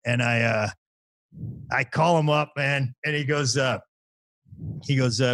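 An animated male comedian chatting on a podcast, telling stories with lively swings in his voice. He stumbles and repeats words and often slips into bouncy impressions. The sound is dry and close to the mic. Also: mid-range voice, a little slow, no echo. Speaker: stand-up comedian, podcast guest. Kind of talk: casual conversation, storytelling.

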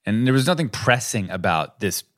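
A male podcast co-host in loose, casual chat. He talks bluntly and swears freely, chiming in fast with agreement. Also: fairly low pitch, lively intonation. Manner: blunt and profane, quick to agree.

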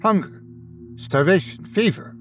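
A man's voice: high voice, lively intonation, a little slow, a bit bright, soft background music, pitched above the performer's own voice. A man voicing a feverish, dying man who gasps and pleads in guilt-ridden delirium. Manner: gasping, wild, pleading.

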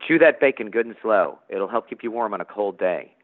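A man reading aloud as a brisk, matter-of-fact country mother, raising his voice for her. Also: lowish voice, lively intonation, voice pushed up, close to an everyday voice. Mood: fond, bossy. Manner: brisk, bossy. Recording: tinny phone-like line.

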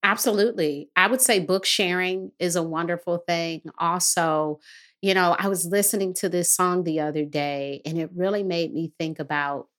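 Low-voiced woman giving calm advice. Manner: measured, explanatory. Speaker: guest therapist and author. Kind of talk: advice-giving podcast conversation.

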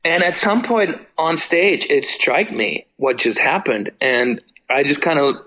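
A German man, a rock musician, telling tour stories in a rambling, animated way with casual swearing. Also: fairly high pitch, unhurried, poor audio. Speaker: musician guest. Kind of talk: casual storytelling.

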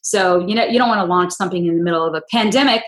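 Woman podcast host, animated storyteller, echoey room. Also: lowish voice, rapid-fire. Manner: animated storyteller, acts out quotes. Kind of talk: casual chat.

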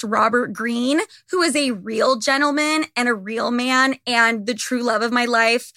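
A fairly high-pitched young woman, her tone pushed and bright, speaks unhurriedly with few pauses in a clean studio recording without echo. Hosting her podcast, she gossips and swears bluntly in a casual monologue, her voice a bit worn as she loses it.

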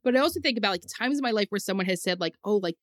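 A woman's voice: medium pitch, expressive, very fast, no echo, clean studio sound. A woman co-hosting a podcast in casual chat, chatty and laughing often, with lots of "like" fillers. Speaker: podcast co-host.

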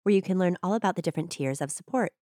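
A woman co-host on a true crime podcast, breezy and playful, rattling through announcements. Her voice sits a little low, and the studio sound is close and dry with no room echo. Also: warm tone. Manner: breezy and playful, quick through housekeeping reads. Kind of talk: casual podcast chat and show announcements.

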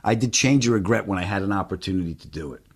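A man's voice: low-pitched, very fast, breathy edge. A middle-aged man hosting a podcast, telling self-deprecating stories in casual chat. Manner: self-deprecating, animated storyteller. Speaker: podcast host.

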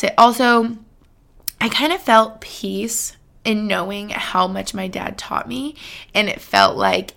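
A woman's voice: mid-range voice, vocal fry, fairly bright tone. A woman in her late twenties hosting a solo podcast, talking casually and emotionally with frequent "like" and laughs. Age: late 20s. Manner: chatty, heavy use of "like", laughs often, emotional. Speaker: podcast host.

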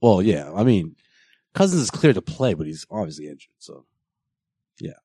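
A man's voice: deep voice, big pitch swings, moderate pace, dark tone, slightly rough, dry recording, studio quality. A man co-hosting a sports podcast, telling anecdotes with frequent laughter. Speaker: podcast co-host. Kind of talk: casual sports banter, storytelling.

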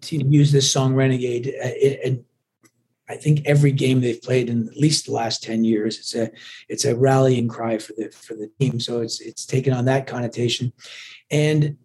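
Husky, mellow-voiced man chatting. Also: mid-range voice, level tone, normal speed. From Scotland. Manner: friendly, rambling with many restarts. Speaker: musician guest. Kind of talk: casual interview chat.

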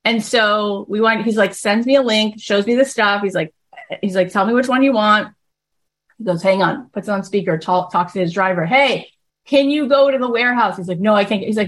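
A woman hosting a podcast, telling a casual story in a chatty, animated way and acting out the other people in it. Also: mid-range voice, brisk. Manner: chatty, animated, acts out quoted voices. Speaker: podcast host.

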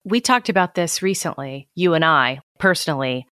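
A woman's voice: sits low, expressive, moderate pace, fairly bright tone, no echo, studio quality. A woman hosting a podcast, asking thoughtful, reflective questions in a conversational way. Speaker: podcast host.

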